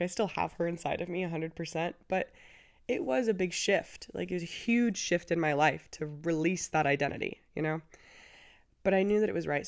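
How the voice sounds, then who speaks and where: A woman in her twenties speaks candidly as host of her own show. Her voice sits a little low and has a gravelly fry. She talks in a chatty, emotional way, full of "like" and "you know". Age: 20s. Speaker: podcast host. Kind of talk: candid personal storytelling.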